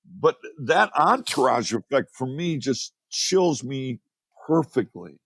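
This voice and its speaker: Man in his sixties, animated, rambling, repeats himself, dry close podcast sound. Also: medium pitch, slow pace, slightly rough, no echo. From Chicago, USA. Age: 60s. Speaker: guest. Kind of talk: casual storytelling interview. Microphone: podcast mic.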